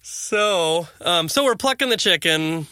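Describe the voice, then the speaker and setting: A man telling a story in a casual chat, animated and laughing often. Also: high voice, a little slow, dry recording. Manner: animated, laughs often, voices people in his stories. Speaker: parent of seven boys.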